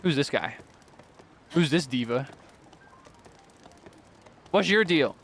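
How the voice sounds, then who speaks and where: A man's voice: fairly high pitch, animated, takes it slowly, fairly bright tone. A man streaming a video game, chatting casually in a playful way and laughing often. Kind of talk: casual gameplay commentary.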